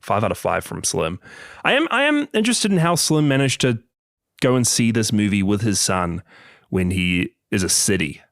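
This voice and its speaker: Low-voiced man reading listener mail. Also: very animated, moderate pace, no room sound, clean studio sound. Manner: joking, teasing banter. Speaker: podcast co-host.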